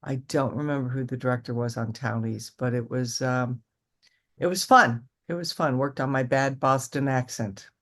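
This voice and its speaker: Chatty older actress telling stories. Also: female voice, very deep voice, moderate pace. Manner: chatty, rambling with restarts and acted-out quotes. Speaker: actress guest. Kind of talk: casual interview storytelling.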